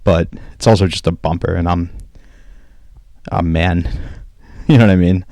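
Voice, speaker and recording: A man's voice: low-pitched, fairly even intonation, measured pace, warm tone, no echo. A man in casual podcast chat, telling a long rambling story and acting out what everyone said. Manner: rambling storyteller who acts out quoted dialogue.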